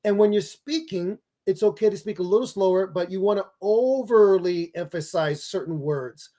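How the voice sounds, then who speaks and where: A man who is a public speaking expert and author, giving emphatic, energetic advice in an interview. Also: high voice, normal speed. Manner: energetic, emphatic coaching delivery.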